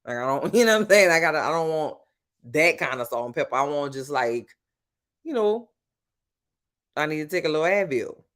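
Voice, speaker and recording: Chatting casually with her livestream viewers, this New Orleans woman is blunt and talkative, addressing people as "child" and "baby" in her local accent. She's an adult with grown-up sons. Her low, fairly bright voice is animated and a little fast, with frequent pauses.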